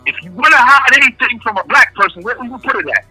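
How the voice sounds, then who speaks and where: A prison inmate gives impassioned interview answers by phone, pounding home his points with repeated key phrases in street slang. His very high, husky voice is animated, quick and sharp, with no echo and faint music behind.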